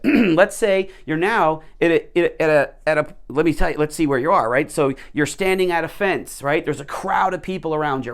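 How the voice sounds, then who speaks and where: A man explaining a leadership model through everyday stories, with a voice that sits slightly high. He talks in an animated way, often repeating words as he rephrases. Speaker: leadership teacher. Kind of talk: explanatory storytelling talk.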